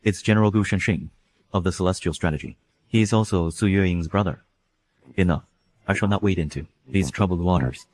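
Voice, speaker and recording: A man's voice: sits low, brisk, a little mellow, dry recording. A man voicing a proud, stern aristocratic father who scolds his daughter harshly in a dubbed period drama. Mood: wary.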